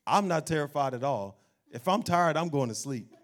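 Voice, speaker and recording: A man preaching an animated sermon as pastor, acting out doubting voices and laughing along the way. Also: a little high, moderate pace.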